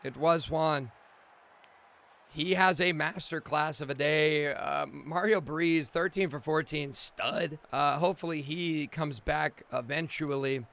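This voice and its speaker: A young man streaming a video game, calling the plays in hyped commentary that bursts into loud excited shouts between quick recaps. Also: fairly high pitch. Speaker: gaming streamer.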